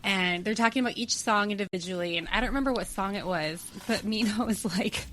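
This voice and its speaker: A woman co-hosting a podcast in casual chat, animated and laughing often. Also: mid-range voice, a little fast, a little hiss or hum. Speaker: podcast co-host.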